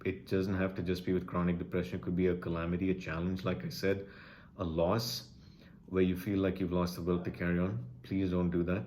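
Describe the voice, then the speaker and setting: Low-voiced man, earnest and pleading. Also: little pitch movement, fairly quick, darkish tone, a little hiss or hum. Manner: earnest, pleading, emotional, repeats phrases for emphasis. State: emotional. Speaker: vlogger sharing personal experience. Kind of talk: earnest personal address to camera.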